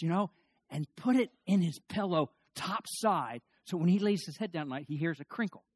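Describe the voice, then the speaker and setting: Folksy, animated male preacher. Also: high voice, moderate pace, husky, no echo. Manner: folksy, animated storytelling with asides. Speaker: pastor. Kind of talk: sermon.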